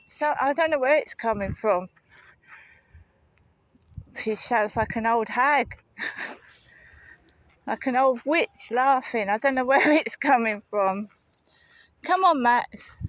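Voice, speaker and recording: A woman's voice: a little high, takes it slowly, pauses often, a bit bright, no room sound, poor audio. A woman walking her dog outdoors, rambling and muttering asides with some swearing into a handheld camera. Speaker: vlogger. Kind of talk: casual walking vlog commentary. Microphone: handheld camera while walking.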